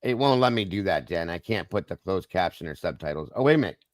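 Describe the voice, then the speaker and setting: Man, low voice, dry close sound, casual livestream host, talks to chat. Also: lively intonation, quick pace, dry recording. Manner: musing, talks straight to chat viewers. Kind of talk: casual live-stream discussion.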